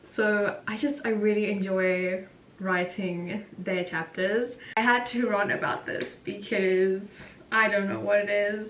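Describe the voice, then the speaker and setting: A South African author chats casually and rambles in a vlog, laughing often. She speaks slowly in a steady, slightly bright voice from far off-mic. The recording carries roomy echo and a faint rumble.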